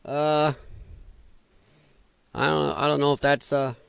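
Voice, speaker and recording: A man's voice: on the high side, little pitch movement, slow pace, creaky, a bit bright, clean tone, no echo. Sarcastic, profane man ranting on stream. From American Midwest. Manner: profane, sarcastic, mocking mimicry of others. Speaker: host of a political commentary stream. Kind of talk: ranting commentary.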